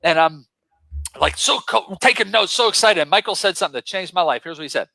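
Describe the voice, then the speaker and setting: A man's voice: sits high, fast talker, vocal fry, no room sound, rough recording. Fired-up man telling punchy stories. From western Pennsylvania, US. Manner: excitable, punchy, emphatic. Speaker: guest motivational speaker. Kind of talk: energetic storytelling.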